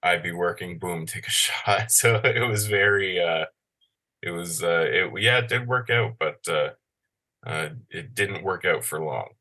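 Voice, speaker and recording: A man who is a podcast guest, chatting casually, telling excitable stories and acting out quotes, swearing along the way. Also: deep voice, measured pace. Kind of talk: casual chat.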